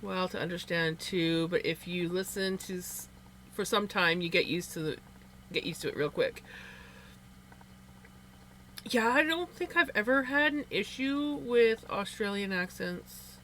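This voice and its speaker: A Canadian woman hosts a relaxed livestream, chatting with viewers and rambling through her thoughts with quick restarts. Her voice is bright and forward. A faint hum sits under it. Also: medium pitch. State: sleepy. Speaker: livestream host. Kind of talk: casual chat reading viewer comments.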